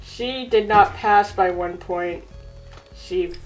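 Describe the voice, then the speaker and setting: A woman's voice: mid-range voice, slow, soft background music, low-quality recording. A young woman casually telling an improvised silly story, giggling and using lots of fillers. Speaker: co-host storyteller.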